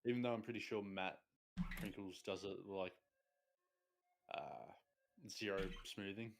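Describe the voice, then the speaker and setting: Low-voiced man with dry jokes. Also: steady tone, unhurried, background noise. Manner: dry, joking remarks. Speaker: livestream co-host. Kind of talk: casual chat.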